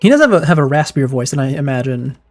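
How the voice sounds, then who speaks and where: An excitable man giving let's-play commentary as he reads through a game's dialogue. He speaks at a middle pitch, reacting quickly and often, over a faint music bed. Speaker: streamer.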